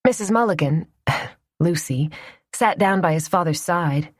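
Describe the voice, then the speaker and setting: A woman narrating a romance audiobook in a soft, even storytelling voice. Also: lowish voice, unhurried, no room sound, clean studio sound.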